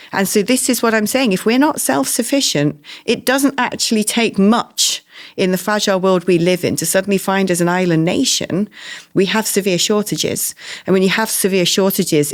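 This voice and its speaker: A woman holding forth in a casual political chat, her voice pitched a little low and talk running quick. She swings into mock quotes and keeps the energy up. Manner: animated, rapid, with quoted asides. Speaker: guest commentator.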